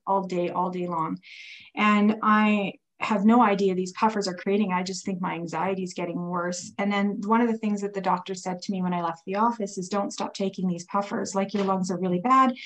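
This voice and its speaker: Woman guest, personal testimony, chatty and animated, stumbles and restarts, mid-pitched voice. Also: moderate pace, low-quality recording. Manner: animated retelling with frequent restarts and "like". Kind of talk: casual personal storytelling.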